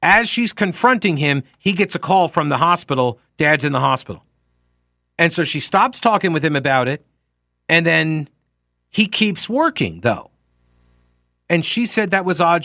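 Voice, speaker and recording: A man with a slightly high voice gives animated commentary on a trial. He acts out what people said and fires off rhetorical questions. The recording is dry and close, with no room sound. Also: unhurried, no echo. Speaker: talk show host.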